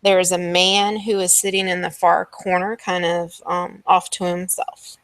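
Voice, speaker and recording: A woman's voice: on the low side, flat delivery, unhurried, no echo. A woman narrating as dungeon master in a casual home tabletop game, describing scenes with frequent ums.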